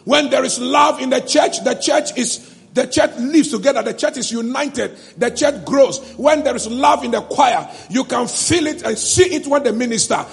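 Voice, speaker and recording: High-voiced preacher man, gravelly. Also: moderate pace. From Ghana. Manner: impassioned, repetitive preaching that builds to shouting. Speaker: pastor. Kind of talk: sermon. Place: church before a congregation.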